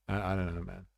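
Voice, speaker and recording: A man's voice: low-pitched, creaky, no echo, narrow, tinny audio. A man hosting a livestream, reacting to chat in a laid-back, rambling way with swearing and fillers. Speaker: livestream host.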